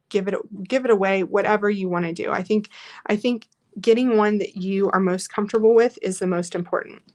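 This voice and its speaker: Chatty woman teaching a craft class. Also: mid-range voice. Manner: chatty, encouraging, reads viewer comments aloud. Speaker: scrapbooking class instructor. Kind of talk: live online craft class.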